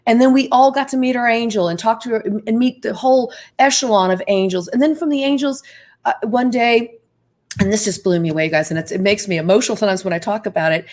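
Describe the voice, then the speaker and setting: A woman being interviewed as a guest, telling a story with excited emphasis and often speaking straight to her listeners. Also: fairly high pitch, fast talker. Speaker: guest, Ouija board expert.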